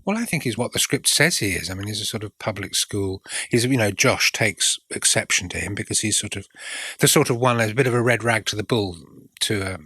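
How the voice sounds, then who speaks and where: A man answering an interview question in a thoughtful, halting way. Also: lowish voice, lively intonation, pushed and bright, husky, no echo.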